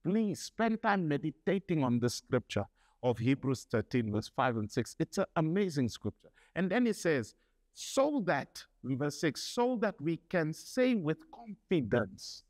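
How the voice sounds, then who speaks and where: A male pastor preaching a sermon, building up to loud repeated declarations. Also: high-pitched, sing-song, a little slow, no echo.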